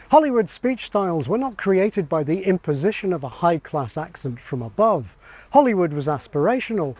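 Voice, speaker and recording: A man giving scripted narration for a video essay, measured and explanatory. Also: on the high side, a little mellow, husky.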